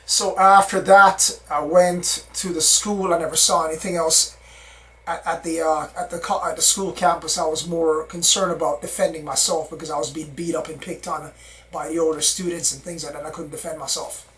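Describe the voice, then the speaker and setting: A man's voice: on the high side, level tone, normal speed, fairly bright tone, rough recording. A man earnestly recounting his own strange experiences in a rambling, repetitive way. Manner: rambling, repeats himself, earnest. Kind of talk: personal account, casual storytelling.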